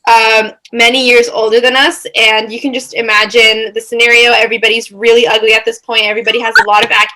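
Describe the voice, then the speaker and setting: A young woman co-hosting a casual chat among friends over a video call, teasing and playful, dropping to a hushed tone for introductions. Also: on the high side, flat delivery, fast, low-quality recording. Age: young adult. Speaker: podcast co-host.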